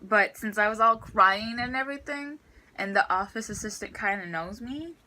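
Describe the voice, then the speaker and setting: Bright-voiced teen girl ranting. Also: medium pitch, normal speed, a little hiss or hum, low-quality recording. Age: teens. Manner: ranting, filler-heavy, exasperated. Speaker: student vlogger. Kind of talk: ranting storytime vlog.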